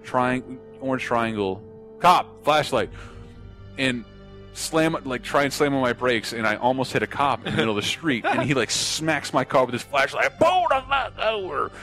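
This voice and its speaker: A man's voice: mid-range voice, normal speed, soft background music. A young man from Florida telling a rambling story on a podcast, swearing a lot and acting out what people said. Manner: animated, rambling, swears a lot, acts out quotes.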